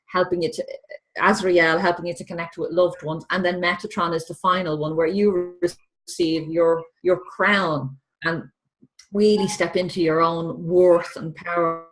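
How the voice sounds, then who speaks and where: A woman guest in an online interview, speaking with enthusiasm and a few halting restarts. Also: fairly low pitch, a bit bright. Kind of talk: casual interview talk. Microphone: video call.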